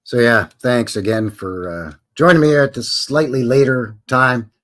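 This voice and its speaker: A man's voice: medium pitch, moderate pace, a bit bright. An older man with a Canadian accent, hosting a live stream in a rambling, folksy and jokey way with slangy asides. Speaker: livestream host. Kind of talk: casual live chat.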